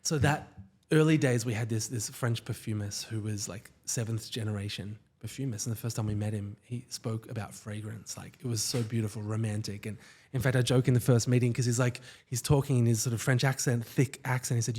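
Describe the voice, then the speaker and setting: A man, a company founder, telling stories as a guest in a casual podcast interview, with enthusiasm and quick asides. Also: mid-range voice, fairly even intonation, a little mellow.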